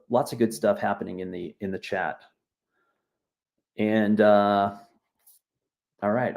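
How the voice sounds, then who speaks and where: A man leading a live online bookmaking workshop, walking viewers through software in a loose, chatty, encouraging way while he clicks around. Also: lowish voice. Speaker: workshop instructor. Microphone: video call.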